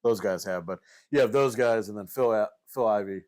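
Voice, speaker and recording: A man's voice: on the low side, a little fast, darkish tone. A young man hosting a casual poker podcast, easygoing and full of fillers as he guides the segments. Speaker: podcast host running segments.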